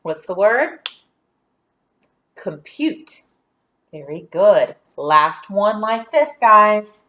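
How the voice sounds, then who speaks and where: A woman teacher talks young children through a phonics lesson at a very slow, deliberate pace. She draws out each word, gives short clear directions and follows them with encouraging praise. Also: medium pitch, animated, sharp tone. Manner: slow, clear, drawn-out words.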